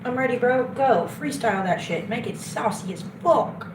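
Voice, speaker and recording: A woman's voice: a little high, expressive, moderate pace, roomy sound, noisy background. A woman hosting a casual livestream who talks in a brash, slangy and teasing way. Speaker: livestream host. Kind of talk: casual live-stream chat.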